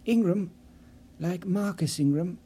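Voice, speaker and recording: A jittery, apologetic office worker who pleads to be left out of trouble, as a man performs him in an audiobook. His voice sits a little high with a soft, mellow tone. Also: unhurried, breathy edge. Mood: anxious. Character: nervous, fretful middle-aged office man. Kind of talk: audiobook character voice.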